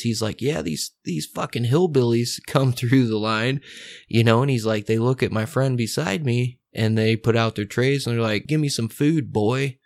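A man hosting a podcast who tells a true-crime story casually, loose and profane, with lots of fillers and asides. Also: on the low side. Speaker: podcast host.

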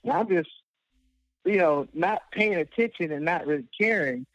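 A man's voice: on the high side, expressive, normal speed, fairly bright tone, dry recording. A man telling a long, rambling personal story as a guest, full of fillers and laughing at himself. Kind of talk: casual storytelling. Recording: dull lo-fi dry sound.

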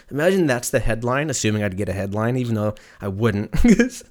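A man hosting a solo podcast, rambling through a profane, joking rant and laughing often, his voice jumping up when excited. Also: a little fast. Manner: animated, jumps pitch when excited. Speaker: podcast host.

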